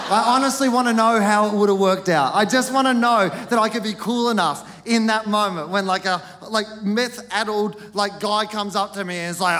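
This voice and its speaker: Australian male stand-up, bright tenor, animated storyteller, faint room ambience. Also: in a large hall, slight background noise. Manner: animated storytelling, acts out characters with big pitch jumps. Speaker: stand-up comedian. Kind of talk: stand-up comedy set. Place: comedy stage before a live audience.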